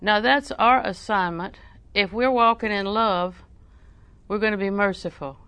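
A woman's voice: mid-range voice, measured pace, fairly bright tone, clear, resonant tone, dry recording. An older woman preaching a sermon in a folksy, storytelling way, with emphatic repetition.

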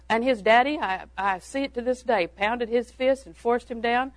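A woman's voice: on the high side, moderate pace, no echo, low-quality recording. An older woman giving a homespun talk on parenting to a church audience, telling anecdotes and chuckling between them. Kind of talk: folksy storytelling talk to an audience.

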